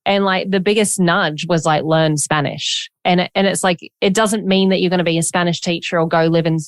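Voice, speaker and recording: A woman's voice: on the low side, steady tone, fairly quick, no echo, studio quality. A woman hosting a podcast, chatty and personal, who affirms her guest often and shares her own stories. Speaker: podcast host. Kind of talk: casual interview chat.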